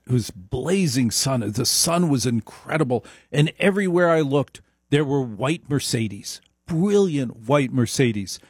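A man's voice: medium pitch, darkish tone, dry recording, studio quality. A man giving an opinionated storytelling monologue, emphatic and repeating points for stress. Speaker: speaker.

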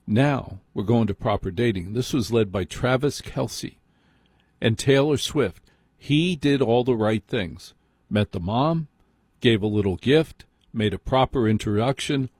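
Male talk radio host, husky and dry-sounding, opinionated chat with bits of mock dialogue. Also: medium pitch, darkish tone, no room sound.

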